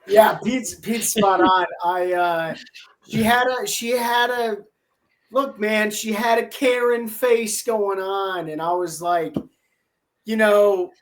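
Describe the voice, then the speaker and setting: Casting: male angler guest with a high voice, a wry and animated storyteller. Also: slow pace. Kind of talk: casual podcast storytelling.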